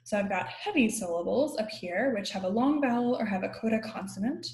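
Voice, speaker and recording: A mid-pitched woman delivers an academic linguistics lecture over a video call. She explains step by step, filling pauses with ums and hedging with "like" and "sort of." Her voice carries a noticeable room echo. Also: expressive, darkish tone. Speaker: guest lecturer.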